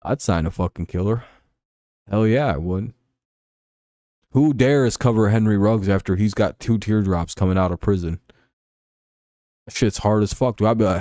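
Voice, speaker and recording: A man's voice: on the low side, normal speed, long pauses, dark tone, dry recording, clean studio sound. A man hosting a casual sports livestream, rambling through profane rants and reading chat. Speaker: sports show host.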